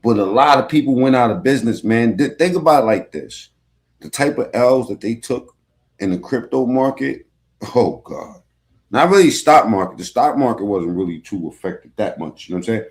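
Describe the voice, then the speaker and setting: A man's voice: mid-range voice, expressive, moderate pace. A man hosting a casual podcast, reacting to a clip in loose, slangy, profane talk.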